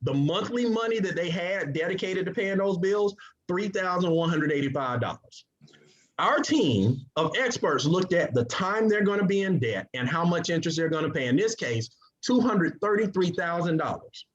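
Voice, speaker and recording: A man giving an energetic sales presentation, drawing call-and-response from his audience. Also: high-pitched, normal speed. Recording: dull lo-fi recording.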